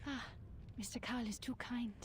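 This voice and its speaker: A woman reading lines as a polite young female singer in mourning, gentle and apologetic. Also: fairly high pitch, steady tone, moderate pace, slight background noise, lightly acted.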